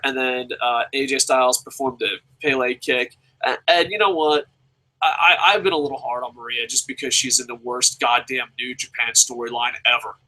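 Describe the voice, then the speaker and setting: Bright-voiced man ranting with constant swearing. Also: poor audio. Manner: profane, animated, swears constantly; jumps sharply in pitch when exasperated. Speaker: wrestling reviewer. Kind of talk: casual ranting review.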